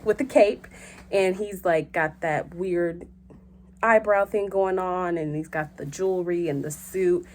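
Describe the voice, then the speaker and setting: A young woman hosting a vlog in casual chat, animated and joking, with frequent swearing. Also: lowish voice, unhurried. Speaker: host.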